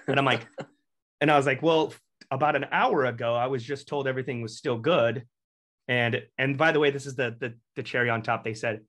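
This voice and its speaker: A young man from Texas, a Marine veteran guest, telling a long anecdote in a casual, animated and profane way. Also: medium pitch, brisk. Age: young adult. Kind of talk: casual storytelling.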